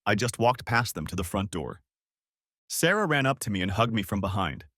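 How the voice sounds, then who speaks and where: A man narrating a dramatic first-person story, expressive and bitter. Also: lowish voice, moderate pace, no echo, studio quality.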